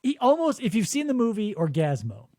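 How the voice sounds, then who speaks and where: A man hosting a podcast, telling a story in animated casual chat and laughing often. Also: sits high, no echo. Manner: animated, jumps into quick voices and laughs a lot. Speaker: podcast host. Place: radio studio.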